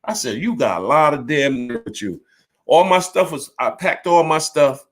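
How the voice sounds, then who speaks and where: A man's voice: a little high, sing-song, moderate pace. A man in his fifties telling a personal story bluntly and candidly, swearing freely and acting out both sides of an argument. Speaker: storyteller recounting his life.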